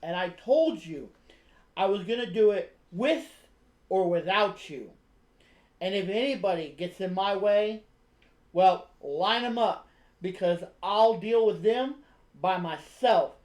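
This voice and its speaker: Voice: medium pitch, slow, darkish tone, lightly acted. A streamer doing a defiant wrestler. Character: fierce adult male wrestler, defiant and intense. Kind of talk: acted impression in a recap. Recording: roomy echo.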